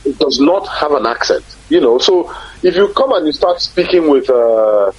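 A man's voice: fairly high pitch, animated, normal speed, darkish tone, dry recording. A man, a broadcaster and conference moderator, talking in a casual interview, emphatic and repeating words as he searches for them. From Nigeria. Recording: husky voice on dull lo-fi audio.

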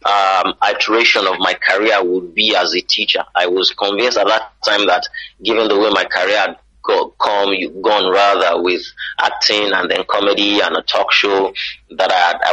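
A middle-aged man from Nigeria with a Nigerian accent, a guest on a radio interview, talking in a playful, teasing way and telling animated stories. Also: sits low, husky. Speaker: guest, author and entertainer. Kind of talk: radio interview, joking banter. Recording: muffled radio broadcast.

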